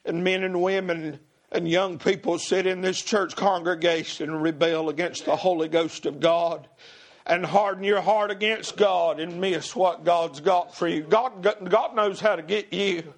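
A male pastor, preaching a fiery sermon in church and swinging between shouting and hushed pleading. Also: high voice, fairly even intonation, unhurried. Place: church sanctuary before a congregation.

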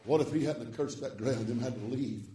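A man preaching a revival sermon, swinging from hushed tones to chanted shouts with rhythmic "uh" breaths. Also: mid-range voice, moderate pace, reverberant, recorded from a distance.

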